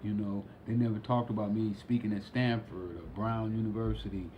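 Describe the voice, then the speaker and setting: A low-voiced man speaks as a podcast guest, unhurried and reflective, often circling back with fillers and restarts. The recording sounds slightly dull, with a faint hum beneath. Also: steady tone. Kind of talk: casual conversation.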